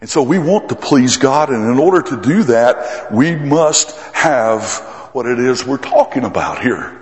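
A man preaching a sermon at a middle pitch. His delivery swings from forceful, climbing emphasis to quiet, drawn-out asides. The voice rings through a large, echoey hall with a long reverb tail. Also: animated.

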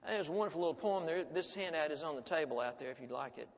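Middle-aged male teacher, slightly high voice, folksy talk to a crowd, long hall reverb. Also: animated, fast talker. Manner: folksy, asks the audience rhetorical questions. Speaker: family studies teacher speaking to an audience. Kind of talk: conversational lecture to a live audience.

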